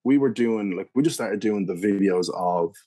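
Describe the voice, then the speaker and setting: A young Irish man telling a pub story as an interview guest. His voice sits a bit low, and he rambles loosely, circling back with fillers and restarts. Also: moderate pace, mellow. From Ireland. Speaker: guest, beer reviewer.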